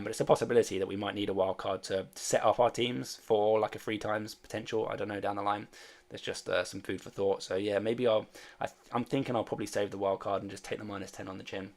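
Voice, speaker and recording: This low-voiced man with a creaky quality is a fantasy sports streamer chatting casually on his livestream. He reads and responds to viewer chat, rambling and hesitating with lots of fillers.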